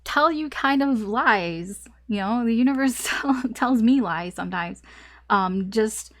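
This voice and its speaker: A woman's voice: fairly high pitch, lively intonation, measured pace, no room sound, studio quality. A woman tarot reader talking through a casual, rambling reading, often laughing at herself.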